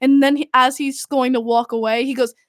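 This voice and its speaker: A woman's voice: high-pitched, brisk, no room sound, clean studio sound. A young woman, hosting a podcast and retelling events in a casual, exasperated way with lots of "like". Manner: animated, exasperated storytelling full of "like". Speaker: podcast host. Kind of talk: casual recounting.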